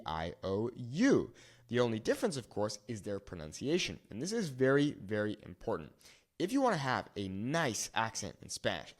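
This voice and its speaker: A man teaching a lesson at a whiteboard, repeating words slowly to show how they sound. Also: medium pitch. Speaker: Spanish teacher.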